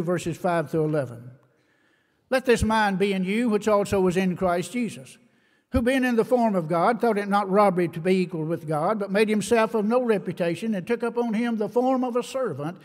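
A man preaching a sermon, reading scripture in old-fashioned wording and slowing down to stress key words with emphasis. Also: high voice. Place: church sanctuary. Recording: long reverb of a church hall.

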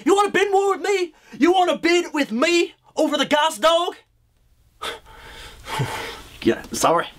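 An actor playing an unhinged young man obsessed with a movie star, in a comedy sketch monologue, lurching from low profane mutters to shrill outbursts. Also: sing-song, unhurried, pauses often, fairly bright tone, exaggerated voice. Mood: shrill ranting.

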